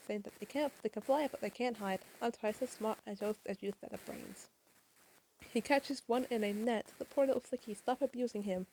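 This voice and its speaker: A woman's voice: a little high, dark tone, rough recording. A woman casually reading a comic aloud, with chatty asides and the odd swear word. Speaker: comic reader. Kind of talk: casual comic read-along with commentary.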